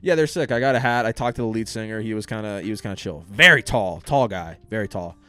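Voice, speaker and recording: A man's voice: on the low side, quick pace, pushed and bright. A young man co-hosting a podcast, telling a story in casual chat, swearing freely and acting out what people said. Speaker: podcast co-host.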